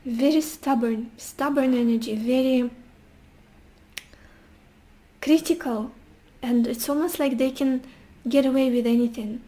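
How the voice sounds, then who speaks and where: A woman's voice: high voice, steady tone, moderate pace, dark tone. A young woman giving a casual tarot reading, musing intuitively with sassy asides. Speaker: tarot reader.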